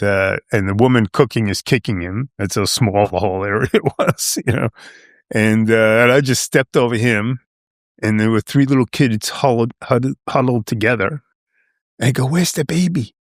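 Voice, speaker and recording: Older guy from long island, gravelly low voice, dry close sound, just rambling thru a story, lots of "right?". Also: dry recording. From Long Island, New York. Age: 70s. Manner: rambling, peppered with "you know" and "right?". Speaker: guest. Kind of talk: casual storytelling.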